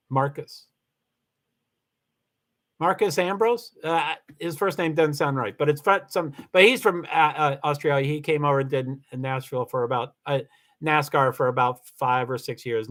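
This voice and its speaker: An older man hosting a casual livestream. He reads viewer comments aloud and rambles off topic, with many fillers and restarts, and his voice jumps high when he gets excited. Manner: big swings in pitch, rising high when excited. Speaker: livestream host.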